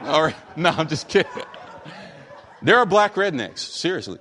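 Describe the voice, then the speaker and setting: A man from Western North Carolina preaching a sermon as pastor, emphatic, slowing down for scripture and dropping in joking asides. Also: a little high, sing-song, pushed and bright. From Western North Carolina, USA. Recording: long hall reverb.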